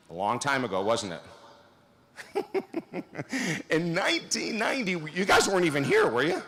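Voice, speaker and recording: A man around sixty giving a commencement speech in a large auditorium, telling stories dramatically and swinging between punchy lines and hushed passages at a podium mic. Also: on the high side. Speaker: commencement speaker.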